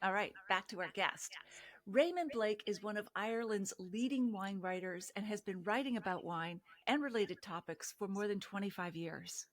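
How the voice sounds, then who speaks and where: A middle-aged woman hosts a podcast in an upbeat, enthusiastic way, laughing often as she chats. Her voice sits at an everyday pitch. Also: normal speed. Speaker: podcast host. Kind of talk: interview host intro and chat.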